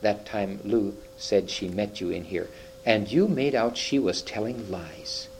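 A man's voice: fairly low pitch, unhurried, a little hiss or hum, low-quality recording. A man reading aloud, voicing a bluff, decisive eldest boy with hearty exclamations. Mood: scornful.

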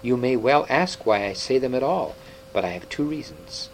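A wise, sorrowful old half-dwarf scholar speaks with grave tenderness, as a male reader puts him on. His voice sits at an ordinary pitch. A faint hum runs behind him. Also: animated, moderate pace, natural voice, low-quality recording. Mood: earnest.

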